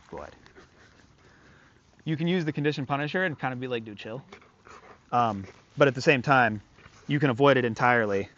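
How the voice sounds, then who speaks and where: A man explains dog play in a relaxed, rambling way, stacking fillers and asides as he talks to the family. He breaks into quick bursts of praise and firm commands to the dog. The sound is slightly dull and lo-fi, with a dog audible nearby. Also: mid-range voice, slight background noise. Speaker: dog trainer. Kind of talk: casual hands-on lesson.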